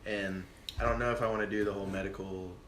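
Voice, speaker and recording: Young man, podcast guest, swearing, lively storytelling, echoey room, faint background noise. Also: fairly low pitch, fast. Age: 20s. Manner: profane, animated, acts out quotes. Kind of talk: casual storytelling chat.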